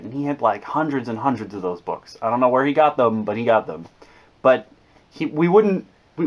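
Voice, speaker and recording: Chatty young man telling family stories. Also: medium pitch. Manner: animated, jokey, with repeated restarts. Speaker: vlogger. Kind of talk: casual storytelling monologue.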